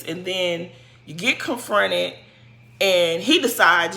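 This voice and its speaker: A woman giving a casual, sassy recap of a reality show, scolding a cast member in animated slang. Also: lowish voice, takes it slowly, gravelly. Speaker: show commentator.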